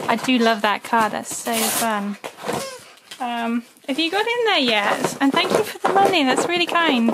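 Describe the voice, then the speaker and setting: A woman's voice: high-pitched, expressive, unhurried, noisy background. A woman chatting casually as she opens fan mail at home and coos at her dog in a sing-song voice. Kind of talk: casual chat.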